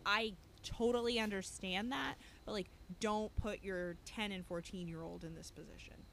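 A woman co-host talking in loose, casual chat. She is blunt and opinionated, firing off quick emphatic bursts. Her voice sits mid-range, with faint steady noise underneath. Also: mid-range voice, gravelly. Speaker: podcast co-host. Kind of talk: casual chat recapping a reality show.

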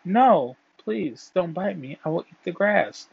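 A man voicing frightened creatures and things, raising his voice high as they beg for mercy. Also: expressive, unhurried, creaky, darkish tone, breathy edge, no echo, exaggerated voice. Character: frightened pleading stick, dog, lamb and grass. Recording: dull, dry, lo-fi.

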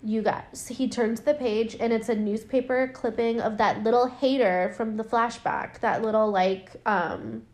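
A woman's voice: fairly high pitch, steady tone, a little slow, hardly any pauses, darkish tone. A woman recapping a film in casual chat, rambling with lots of fillers and swearing, her voice worn and her throat dry. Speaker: podcast host recapping a film.

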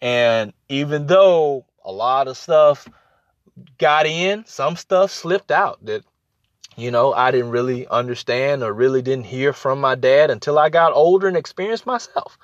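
A man's voice: mid-range voice, lively intonation, measured pace, no room sound, muffled recording. A man talking casually about listening in relationships, repeating his points and acting out little exchanges as he goes. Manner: conversational, repeats phrases for emphasis, acts out quoted exchanges. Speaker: podcast host. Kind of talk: casual advice talk.

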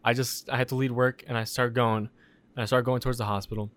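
A young man telling animated stories in a casual podcast chat, swearing often and acting out what people said. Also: mid-range voice, fast, no room sound. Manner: animated storytelling, swears a lot, acts out quotes.

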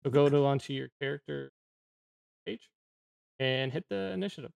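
A man's voice: medium pitch, creaky, darkish tone, clean tone, dry recording. A man narrating a tabletop game as game master, casual and full of fillers and restarts. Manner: casual, filler-heavy, halting.

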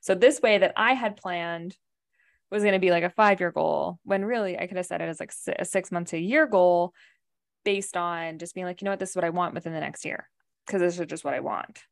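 A woman's voice: on the low side, a little fast, gravelly. A woman from Canada chatting on a podcast, telling a story in a rambling way, full of "like" and "right?". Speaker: podcast co-host. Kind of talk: casual chat.

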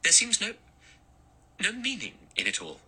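Scared young woman in an audiobook, high shaky pleading voice, husky edge, a guy doing her. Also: huge pitch swings, normal speed, pushed and bright, full character voice. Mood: panicky. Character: frightened young woman, nervous and shaken. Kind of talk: audiobook character voice.

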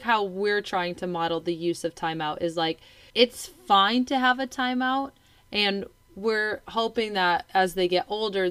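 A woman's voice: medium pitch, a bit bright, smooth, dry recording. A woman, a parent, explaining her views thoughtfully in a casual conversation with many fillers.

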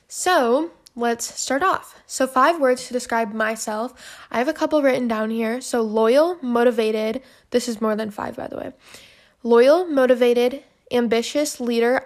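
Young female podcast host, lilt, slightly high voice, breathless, rambling casual chat. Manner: chatty, rambling, self-deprecating.

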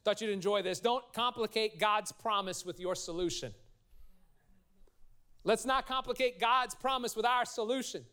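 A middle-aged man preaching a lively sermon as pastor, telling stories and leading his congregation in call-and-response. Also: high voice, normal speed, smooth. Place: church sanctuary.

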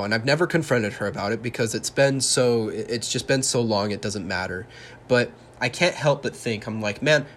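A man's voice: medium pitch, a bit bright. A young man hosting a solo podcast, ranting heatedly and sarcastically, swearing a lot. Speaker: podcast host.

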